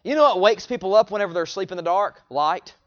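A man preaching a sermon, repeating phrases and swinging between loud pleading cries and low, quiet lines. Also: fast, no room sound, highs cut off.

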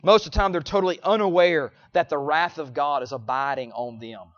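A man preaching a sermon, repeating phrases and swinging between loud pleading cries and low, quiet lines. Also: a little fast, no room sound, lo-fi sound.

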